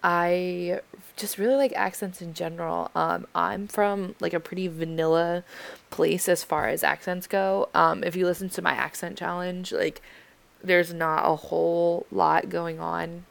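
A young woman from the United States chats through listener questions late at night, sounding worn out and yawning between thoughts. Her voice sits a bit low with a gravelly fry. She hesitates constantly, filling gaps with ums and likes. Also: level tone, measured pace. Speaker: audio creator answering listener questions. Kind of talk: casual Q&A chat.

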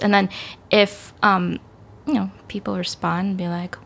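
A woman chatting casually on a podcast, rambling and prone to giggles. Her voice has a gravelly fry running through it, and she sits at a middle pitch for a woman. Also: steady tone, a little slow, fairly bright tone. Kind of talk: casual chat.

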